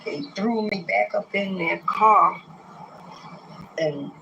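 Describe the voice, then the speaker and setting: A man in his sixties gives a halting, hesitant account full of pauses and restarts in a recorded interview. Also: high-pitched, gravelly, sharp tone, lo-fi sound, a little hiss or hum. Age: 60s. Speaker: man recounting a police arrest.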